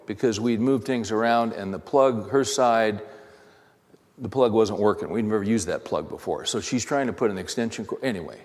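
A man hosting a talk, telling a personal story in a halting, restarting way that turns heated. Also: fairly low pitch. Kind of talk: anecdotal monologue. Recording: long hall reverb.

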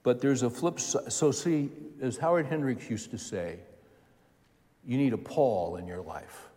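A man's voice: mid-range voice, measured pace, dark tone, big-room sound. A man in his seventies preaching a sermon in a folksy, conversational way, repeating phrases for emphasis. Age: 70s.

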